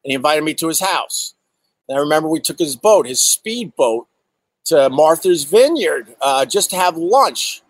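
A middle-aged man, a comedian, telling casual stories outdoors in an animated, profane way and answering viewer chat. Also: on the high side, moderate pace, no echo, rough recording. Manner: animated, profane, acts out exaggerated quotes. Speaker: comedian host. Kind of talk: casual storytelling monologue. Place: outdoors in bright sun.

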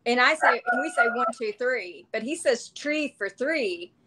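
Bright, playful American woman. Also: fairly high pitch, moderate pace, husky, poor audio. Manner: animated, playful. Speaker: podcast host. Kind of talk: casual chat.

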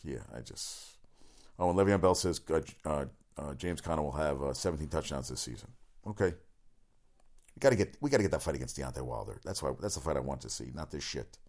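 Rambling, fast-talking, profane man host. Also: a bass voice, animated, a little mellow. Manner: rapid, rambling, profane, with many fillers. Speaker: sports talk host. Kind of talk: casual solo sports commentary.

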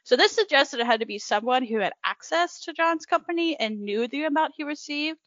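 A young woman co-hosting a podcast in casual chat, chatty and quick to agree. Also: high-pitched, animated, a bit bright, no echo. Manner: chatty, frequent agreeing "yep". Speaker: podcast co-host. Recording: dull lo-fi, dry sound.

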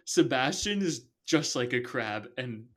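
A man's voice: medium pitch, animated, a little slow. A man co-hosting a casual movie podcast, talking bluntly and laughing often, with casual swearing. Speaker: podcast co-host. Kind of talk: casual chat.

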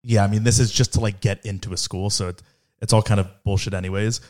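Twenties man, lowish voice, frank, casual, swears freely. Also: steady tone, fast talker, a little mellow. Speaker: co-host, law school applicant. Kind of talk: casual family chat.

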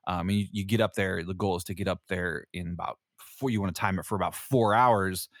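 Low-voiced man telling casual stories. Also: fairly even intonation, brisk, fairly bright tone, no room sound, studio quality. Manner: rambling, with many fillers, swearing and laughter. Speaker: podcast host; Navy veteran. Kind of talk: casual storytelling chat.

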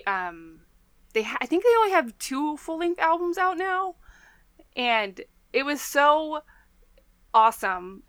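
A woman's voice: fairly high pitch, fairly bright tone, dry recording. A woman co-hosting a podcast in casual chat, talking chattily and enthusiastically with lots of fillers. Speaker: podcast co-host.

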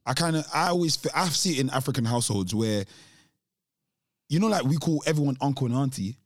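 A man talks through his views in relaxed conversation. He thinks aloud, restarting sentences as he goes. His mid-pitched voice is recorded close and dry. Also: fairly quick, no echo. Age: 20s. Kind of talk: casual discussion.

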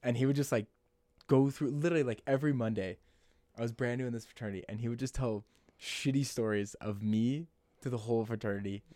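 Fast-talking young man, dry sound. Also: medium pitch, warm tone, no room sound. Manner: fast, filler-heavy, chiming in. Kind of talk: casual chat.

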